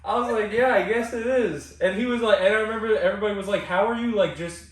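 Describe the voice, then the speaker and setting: A man's voice: sits high, quick pace. A young man telling a story in casual chat, rambling and cutting himself off, swearing freely. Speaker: podcast co-host. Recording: roomy sound from a distant mic.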